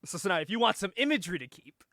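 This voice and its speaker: A young man co-hosting a casual show, excitedly retelling a movie plot, laughing often, swearing and acting out the lines. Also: sits high, no echo, studio quality. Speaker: podcast co-host.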